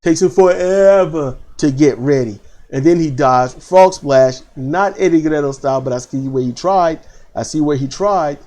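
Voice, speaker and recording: A man hosting a casual wrestling commentary, animated and opinionated, repeating phrases for emphasis. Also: a little high, moderate pace. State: choked up.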